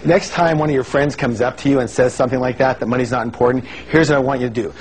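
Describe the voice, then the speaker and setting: A man giving a lively motivational seminar talk, calling on the audience to answer and acting out the voices he quotes. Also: medium pitch, quick pace, slight background noise, low-quality recording. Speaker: seminar speaker. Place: large seminar hall with an audience.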